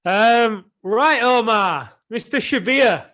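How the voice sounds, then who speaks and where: A man's voice: extremely high pitch, lively intonation, slow, bright, forceful tone. A man hosting a live video interview for a men's coaching group, chatty and upbeat, prodding his guest with short questions.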